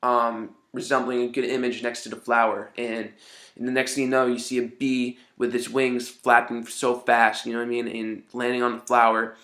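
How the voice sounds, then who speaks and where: Male songwriter, loose rambling delivery, medium pitch, informal tips. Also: monotone, normal speed, bright, forceful tone. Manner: rambling, keeps saying "you know what I mean". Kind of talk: casual spoken advice.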